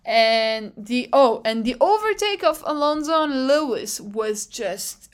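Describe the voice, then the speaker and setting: A young woman hosting a casual podcast recap, chatty and excitable, swearing freely and often restarting her phrases. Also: on the high side, takes it slowly, clear, resonant tone. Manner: self-interrupting, restarts phrases. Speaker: podcast host.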